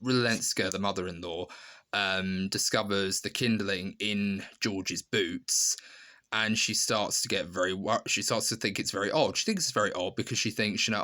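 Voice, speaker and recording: A man's voice: fairly low pitch, steady tone, moderate pace, pushed and bright. A man giving a casual spoken review, rambling with lots of ums, restarts and laughing asides. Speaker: film reviewer.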